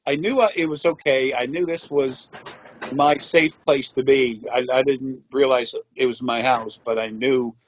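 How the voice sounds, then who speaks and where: A man's voice: medium pitch, fairly even intonation, a little slow, lo-fi sound, slight background noise. A man telling a rambling personal story in a matter-of-fact way, with frequent swearing. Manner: meandering, profane, matter-of-fact. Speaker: interviewee.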